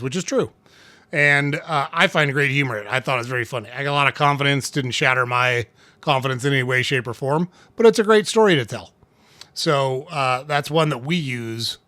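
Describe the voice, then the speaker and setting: A man hosting a casual tips talk, speaking conversationally, often checking in with "right?" and clearing his throat now and then. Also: fairly high pitch, pushed and bright, no echo. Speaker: host.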